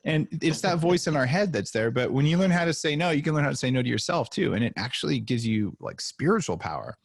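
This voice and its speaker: A man speaks as a podcast guest, telling lively stories and slipping into the voices of the people in them. His voice sits at a middling pitch. The sound is dry and close, with no room echo. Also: fast, gravelly, slightly rough. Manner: animated, acts out dialogue in stories. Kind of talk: casual interview storytelling.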